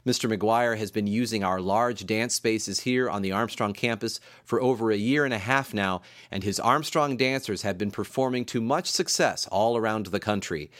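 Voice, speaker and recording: A male composer giving a recorded spoken lecture on dance rhythms, measured and explanatory, counting beats aloud in a softer voice. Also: on the low side, no echo. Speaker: composer and music teacher. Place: room in campus music building.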